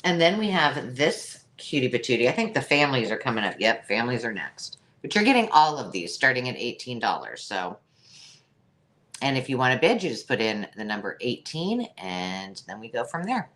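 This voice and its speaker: Very low-voiced, chatty woman hosting a sale. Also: sing-song, normal speed, fairly bright tone. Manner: chatty, jokey, laughs at her own remarks. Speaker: live sale host. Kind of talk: live-stream sales chat.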